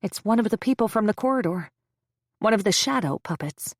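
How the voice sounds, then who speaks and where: A woman reads a first-person story aloud in measured, tense narration. Her mid-pitched voice carries a gravelly fry, recorded dry and close. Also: expressive, no echo.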